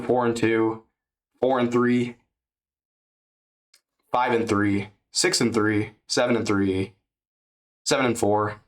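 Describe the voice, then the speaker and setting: A man giving a loose, chatty fight recap on his channel, swearing and dropping man and dude, speaking into a webcam. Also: medium pitch. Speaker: MMA YouTuber.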